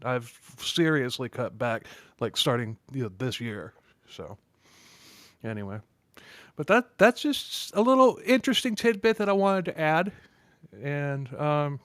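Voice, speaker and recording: A man's voice: a little high, sing-song, a little slow, fairly bright tone, no room sound. Laughing, rambling male podcast host. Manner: laughs often, rambling with restarts. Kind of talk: casual podcast chat.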